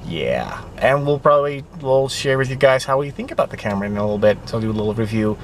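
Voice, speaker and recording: A man's voice: mid-range voice, expressive, quick pace. A man who speaks Dutch as his first language, chatting casually to camera in a rambling vlog with many fillers, recorded on a handheld camera mic. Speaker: vlogger. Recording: light background noise.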